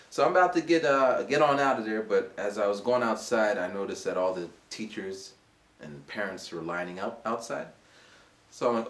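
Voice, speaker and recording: For his vlog, a man around forty from the United States who teaches English wanders through a story casually. Lively and meandering, he slips into a high pitch to act out voices, with a roomy echo around him.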